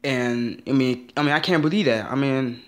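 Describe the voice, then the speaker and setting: A man's voice: medium pitch, moderate pace. A man ranting in a vlog, upset and rambling, repeating himself and swearing often. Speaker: vlogger.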